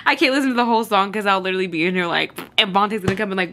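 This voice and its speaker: Bright-voiced chatty young woman. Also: mid-range voice, fairly quick, slight background noise. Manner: chatty and expressive, laughs often, swears casually. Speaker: vlogger. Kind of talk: casual vlog chat.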